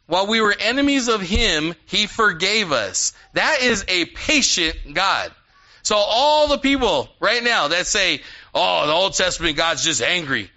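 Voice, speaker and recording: Lively, high-voiced male preacher. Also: measured pace. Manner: animated, conversational preaching with asides. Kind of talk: sermon. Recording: dull lo-fi sound.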